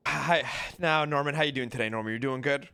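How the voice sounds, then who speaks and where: A man's voice: medium pitch, a little fast, vocal fry, sharp tone, clean tone, no echo. A man playing a pushy lawyer in role-play court, arguing with theatrical objections.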